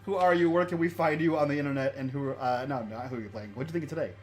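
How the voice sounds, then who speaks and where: A man's voice: on the high side, fast talker, soft background music. A man hosting a tabletop game stream, giggly and loose as he asks the players for their thoughts. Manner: giggly, loose and laid-back. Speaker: game master and host.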